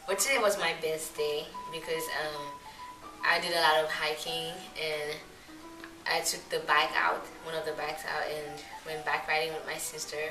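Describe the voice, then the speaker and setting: A woman with a low, steady, fairly flat voice reflects earnestly on the highlights of her trip. She is heard from a distance in an echoey space. Music plays clearly behind her. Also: normal speed. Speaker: student on a study trip.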